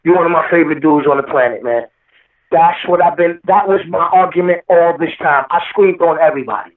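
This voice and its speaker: A man speaking high for his sex, preaching and quoting scripture as he vents, pressing his points again and again. His voice comes through a tinny phone line, distant and echoey. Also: a little fast. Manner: preachy, quotes scripture, repeats himself heatedly. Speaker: rapper guest. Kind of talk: impassioned interview talk.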